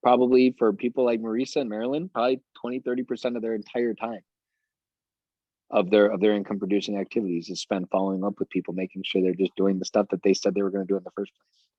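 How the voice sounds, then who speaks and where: A man's voice: on the low side, flat delivery, fast talker, dry recording, dull audio. A man coaching a sales team on a video call, talking eagerly and rambling with lots of fillers.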